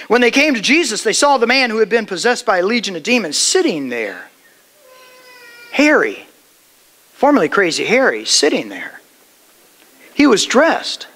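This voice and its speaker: Man, pastor, sermon, high voice, lively swooping pitch, dramatic hushes. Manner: dramatic storytelling with sudden drops to a hush.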